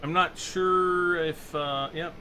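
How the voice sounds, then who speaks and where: A man's voice: high-pitched, steady tone, takes it slowly, pushed and bright, a little hiss or hum. A man hosting a game livestream, chatting casually and rambling as he answers viewers' chat questions between moves.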